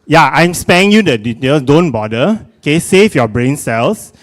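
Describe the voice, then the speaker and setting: A young man with a Singaporean English accent gives a self-mocking comic spoken-word performance, exclamatory and animated. His pitch sits fairly high and his pace is normal.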